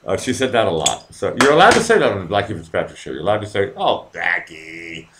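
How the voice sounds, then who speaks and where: A man's voice: on the low side, huge pitch swings, racing, background noise. A man hosting a live stream in a casual, rambling and profane way, reading out viewer comments and sometimes putting on silly voices. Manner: rambling, profane, easily distracted. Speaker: live-stream show host.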